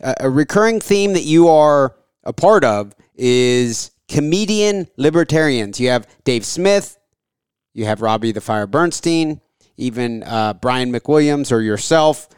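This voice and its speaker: Smooth-voiced male podcast host. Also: mid-range voice, no room sound, clean studio sound. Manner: calm, measured questioning. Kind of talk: podcast interview.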